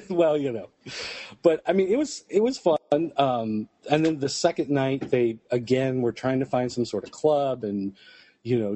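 A man's voice: medium pitch, dark tone, dry recording. A man on a casual podcast, telling a long rambling anecdote full of fillers. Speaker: podcast co-host. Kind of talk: casual storytelling chat.

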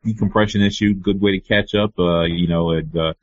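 A man co-hosting a casual comic book podcast, relaxed and full of fillers. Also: sits low, brisk, no room sound, highs cut off. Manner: relaxed, frequent "you know" and "uh". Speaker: podcast co-host.

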